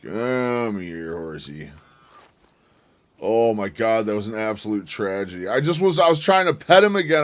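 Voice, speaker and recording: A man's voice: on the low side, lively intonation, moderate pace. A man casually chatting while he live-streams a video game, loose and profane, breaking into yelps and laughter.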